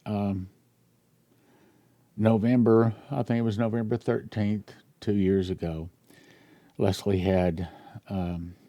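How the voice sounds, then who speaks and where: A man in his sixties, a pastor, reading a dream account aloud in a sermon and talking earnestly, growing quiet and emotional over a personal story. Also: lowish voice, little pitch movement, unhurried, dry recording, muffled recording.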